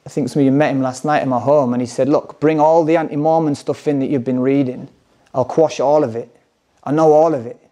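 A man from England with a dark, mid-range voice gives a candid personal testimony at a conference. He tells his own story and reads scripture with emphasis.

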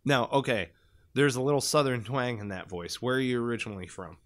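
A man's voice: medium pitch, brisk. A man hosting an interview, asking easygoing, curious questions. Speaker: podcast host. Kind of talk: casual interview.

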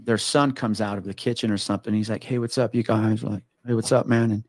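A man, a former police officer, telling a spooky story from his work in a casual, animated way. He swears often and acts out what people said. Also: lowish voice, quick pace, no room sound. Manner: animated, swearing, acts out quotes with gasps and whispers.

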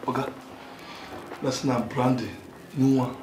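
A man's voice: mid-range voice, little pitch movement, takes it slowly, background noise, natural voice. A man with a Nigerian accent playing a cheeky, scheming young houseboy in a comedy skit, rambling in Pidgin-laced English. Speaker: comedy skit actor and channel creator.

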